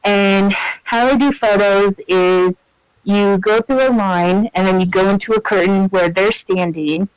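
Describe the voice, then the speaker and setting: A man's voice: high voice, measured pace, clean tone, dry recording, poor audio. A man co-hosting a podcast, telling a story in casual chat with lots of fillers and laughter. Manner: chatty, animated storyteller, many fillers and laughs. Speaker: podcast co-host.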